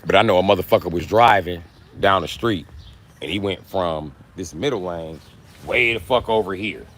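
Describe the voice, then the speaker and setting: A man's voice: sits low, normal speed, fairly bright tone. A man hosting a livestream who rants in a profane, combative way in casual talk. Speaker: livestream host.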